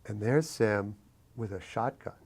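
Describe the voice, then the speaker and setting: Man from New York City, slightly low voice, interviewee telling an anecdote, reflective, animated, lots of fillers. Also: a little slow. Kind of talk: oral history storytelling.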